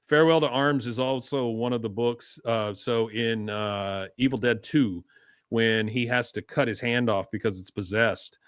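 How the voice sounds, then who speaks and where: A man's voice: mid-range voice, moderate pace, smooth, dry recording, studio quality. A man co-hosting a podcast, casually recapping an episode and acting out the characters' lines in raised voices. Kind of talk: casual chat, retelling scenes.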